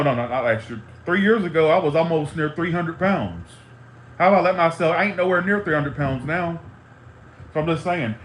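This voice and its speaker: A man's voice: fairly high pitch, a little hiss or hum. A man in an angry, profane ranting monologue, heated and repetitive, talking to a live stream audience. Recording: roomy echo, faint ambience.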